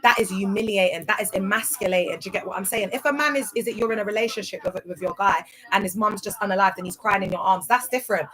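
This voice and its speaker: A young woman talks straight to her livestream audience in a casual, emphatic way. She keeps asking whether listeners follow her, and her voice sits at an ordinary middle pitch for a woman. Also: fast, hardly any pauses, a bit bright, rough recording. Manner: chatty, emphatic, keeps asking "do you get it?". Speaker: livestream host.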